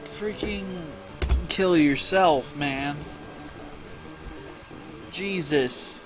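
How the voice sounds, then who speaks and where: A man's voice: on the high side, unhurried, a bit bright, low-quality recording. A man giving casual let's play commentary, sarcastic and profane, with muttered asides. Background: music.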